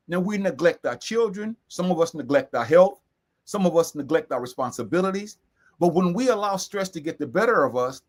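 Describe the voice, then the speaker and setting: An emphatic man in co-hosts a serious talk, voice pitched high. He drives points home by repeating key phrases slowly. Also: expressive. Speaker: co-host. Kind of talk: earnest discussion.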